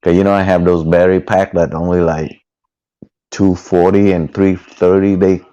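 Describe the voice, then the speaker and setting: A man with a low voice chatting casually on a live stream through a headset mic, halting and restarting words, laughing easily. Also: little pitch movement, warm tone, muffled recording. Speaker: guest van dweller. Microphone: headphone headset mic.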